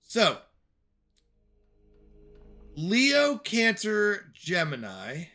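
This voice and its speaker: A man's voice: high voice, huge pitch swings, very slow, bright, forceful tone, faint music behind. A man streaming a puzzle game, talking to himself and his chat in jokey, self-scolding asides. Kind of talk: live game commentary.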